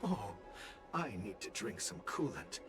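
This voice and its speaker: A lively, fussy robot. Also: male voice, mid-range voice, measured pace, gravelly, soft background music, exaggerated voice. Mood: eager. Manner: formal, precise robotic phrasing. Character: chatty male robot, eager and fussy. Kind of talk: video game voice acting.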